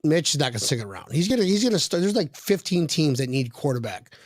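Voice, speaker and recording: A man hosts a podcast in loose, casual chat, full of joking and teasing banter. His voice sits fairly high and sounds dry and close to the mic. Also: big pitch swings, fast talker, no echo. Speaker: podcast host.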